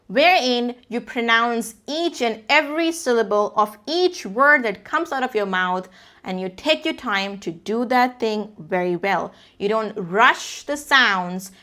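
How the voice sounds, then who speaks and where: Woman speech coach, emphatic to-camera lesson, bright voice, sits a little high. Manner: emphatic, lecturing, demonstrates examples by changing her delivery. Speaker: English communication coach. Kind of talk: direct-to-camera speaking lesson.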